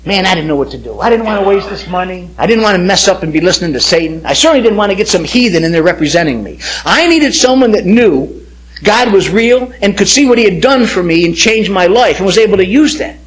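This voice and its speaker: A middle-aged man, a pastor, telling his personal testimony in an animated way and acting out the voices of people he quotes. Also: sits high, fast.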